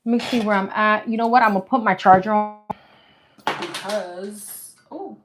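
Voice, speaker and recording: A woman's voice: medium pitch, steady tone, moderate pace, faint music behind. A woman with a New York accent doing a live-stream tarot reading on her phone, chatting casually with viewers. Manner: chatty, addresses viewers as girl and guys. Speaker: tarot reader. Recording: echoey room, faint hiss.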